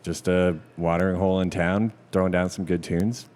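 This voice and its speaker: A man's voice: sits low, flat delivery, moderate pace, darkish tone. A laid-back man co-hosting a casual podcast, laughing often and saying "like" a lot. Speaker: podcast co-host.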